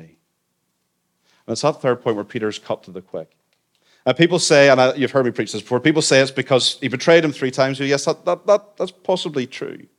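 A man pastor preaching a sermon, earnest and conversational, with gentle humorous asides. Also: medium pitch, normal speed.

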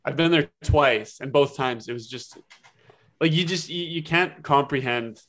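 Casting note: mid-pitched man, eager storyteller with a halting delivery. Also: fairly bright tone. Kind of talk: casual chat.

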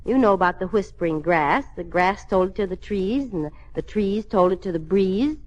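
An actress playing a playful young wife and doting daughter in a 1950s radio sitcom, teasing and bubbly. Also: female voice, mid-range voice, animated, moderate pace, lightly acted. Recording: muffled old radio broadcast with hiss.

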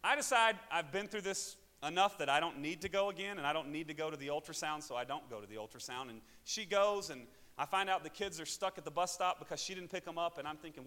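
A man with an Arkansas accent, a pastor telling a personal testimony in a sermon, moving between loud preaching and quiet asides. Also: fairly high pitch, expressive, quick pace, few pauses. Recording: hall reverb.

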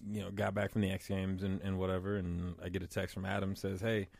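A man's voice: low-pitched, monotone, fast talker, gravelly, darkish tone. A man co-hosting a podcast, chatting casually in a laid-back, joking way. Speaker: podcast co-host. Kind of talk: casual chat.

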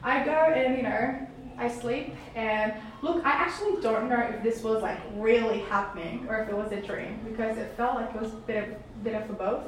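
A woman's voice: fairly high pitch, moderate pace. A young woman sharing a personal faith testimony, rambling, with many fillers and restarts. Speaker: testimony speaker. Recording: echoey room from far off, faint noise.

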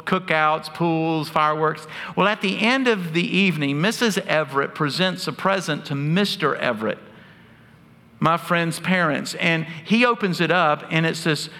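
A pastor delivers his sermon earnestly and drops in wry humor. His bright, somewhat high voice carries a forceful edge. A long hall reverb trails every phrase. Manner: earnest storytelling preacher with asides of humor.

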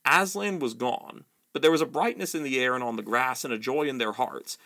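A man giving reflective, analytical commentary on a novel and reading passages aloud in a steady way. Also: medium pitch, fairly quick. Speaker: book commentator.

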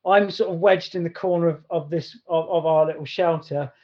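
A man's voice: fairly high pitch, fairly even intonation, moderate pace. A man co-hosting a podcast, telling a story casually in a rambling way, full of restarts. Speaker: podcast co-host. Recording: dull lo-fi sound.

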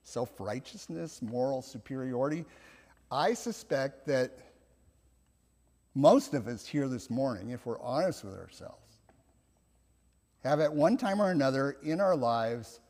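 A man delivers a Sunday sermon in a church, unhurried and reflective, sometimes laughing softly and restarting his sentences. His voice sits a little high and moves over a wide range. The sound carries the long reverb of a large hall. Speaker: pastor.

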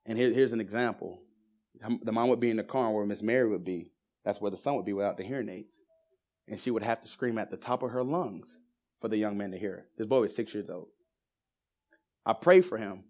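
A man's voice: fairly low pitch, brisk. Man preaching a testimony sermon. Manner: storytelling, rising to excited emphasis. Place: church.

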